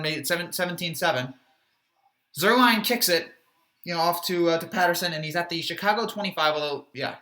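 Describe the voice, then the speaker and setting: A man's voice: fairly high pitch, sharp tone. A man giving a rambling, opinionated football recap, full of fillers and restarts, with a sarcastic streak. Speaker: sports reaction YouTuber. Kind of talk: casual football recap monologue.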